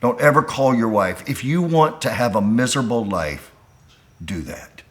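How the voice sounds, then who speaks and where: A pastor preaching to men on a call, pleading and impassioned, dropping quiet and then rising to a near shout. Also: male voice, medium pitch, expressive, moderate pace.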